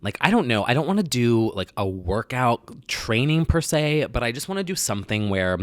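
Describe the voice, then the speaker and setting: A man's voice: medium pitch, big pitch swings, moderate pace, dry recording, studio quality. A young man talking casually to camera as a vlog host, rambling, self-deprecating and candid, filling his talk with "like.". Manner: confessional and candid. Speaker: vlogger host.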